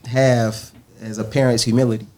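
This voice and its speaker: A man talking quickly and earnestly on a podcast. He tells animated stories in a relaxed, casual way, with his voice sitting at an everyday middle pitch. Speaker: podcast host. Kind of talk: casual chat.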